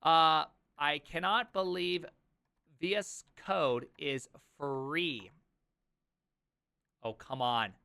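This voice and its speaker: A man streaming live, reacting to a video with sarcastic rants and mock sales pitches. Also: extremely slow, gravelly, pauses often, sharp tone, clean tone, no room sound.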